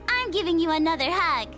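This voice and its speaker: A woman voicing an energetic, playful teenage girl in a video game, with a teasing, bubbly way of talking. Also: very high voice, moderate pace, music in the background, full character voice. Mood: cheerful.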